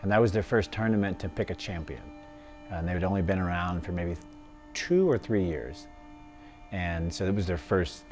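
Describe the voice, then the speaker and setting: A low-pitched former fighter tells his life story in an interview. He's lively, often laughing as he acts out what other people said.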